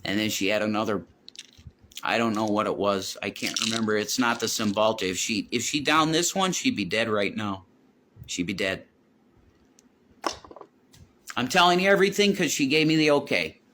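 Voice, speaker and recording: A man's voice: on the low side, lively intonation, brisk, pushed and bright, a little hiss or hum. A middle-aged man rambling to his viewers, telling a personal story in a heated, profane way with constant swearing. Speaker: vlogger.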